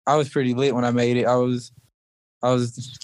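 A man's voice: medium pitch, level tone, a little fast, a little mellow, clear, resonant tone, no room sound. A young man from South Georgia, a college wrestler talking in a laid-back, casual way as an interview guest. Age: young adult. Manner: laid-back, heavy use of "like".

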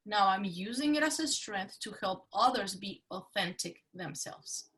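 A middle-aged woman, telling her story as a podcast guest in an animated, emphatic way. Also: mid-range voice, a little slow, distant mic, low-quality recording. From Mexico. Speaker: guest, business consultant. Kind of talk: casual interview talk.

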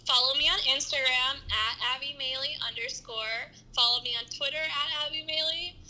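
A young woman guesting on a podcast, chatting casually with deadpan teasing jokes and frequent laughter. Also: high voice, moderate pace, poor audio. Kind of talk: casual chat.

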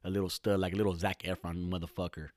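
A man's voice: sits low, flat delivery, fast talker, a little mellow, no room sound, studio quality. A man in his thirties from California, talking alone in a casual, rambling, profane podcast monologue full of slang.

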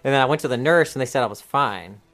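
A woman's voice: a bass voice, expressive, quick pace, fairly bright tone, soft background music. Chatty Southern woman podcast host. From American South. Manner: chatty, rambling, swears casually. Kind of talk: casual chat.

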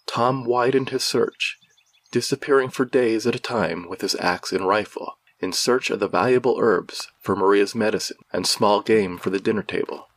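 A man narrating a regional ghost legend in a measured, somber storytelling style. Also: lowish voice.

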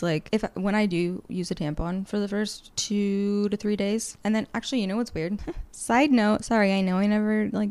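A woman in her late twenties hosts a solo podcast from a low chair indoors. She rambles and swears her way through a list of topics with frank, tangent-prone candor, and her voice sits mid-range with a gravelly vocal fry. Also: a little mellow. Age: late 20s. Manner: rambling, candid and profane, going off on tangents. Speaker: podcast host.

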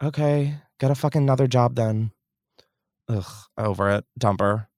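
A man's voice: medium pitch, moderate pace, darkish tone, dry recording, studio quality. A man hosting a podcast, answering callers' voice messages in a brash, profane, dramatic way. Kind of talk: casual advice chat.

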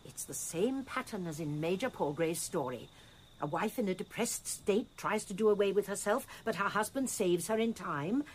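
A woman playing a shrewd, determined elderly spinster detective in a radio drama, crisp and insistent. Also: mid-range voice, expressive, moderate pace, lightly acted. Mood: explaining. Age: older. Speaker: amateur sleuth.

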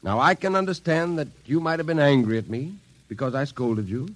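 A man's voice: on the high side, a little fast, no echo, close to an everyday voice. An actor playing a stern middle-aged army colonel and father in an old-time radio drama, speaking in a firm, commanding way. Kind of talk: vintage radio drama acting.

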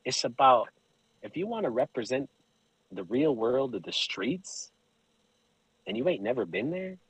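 A man, a podcast guest telling stories in casual chat, animated and profane, laughing often. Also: mid-range voice, measured pace, slightly rough, no room sound, low-quality recording.

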